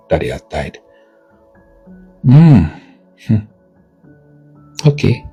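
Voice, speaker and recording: A man's voice: extremely low pitch, creaky, warm tone, slightly rough. A man talking bluntly and emphatically in a candid personal monologue, pressing his points harder as he goes. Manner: blunt and emphatic, rising to raised insistence. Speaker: video monologue host.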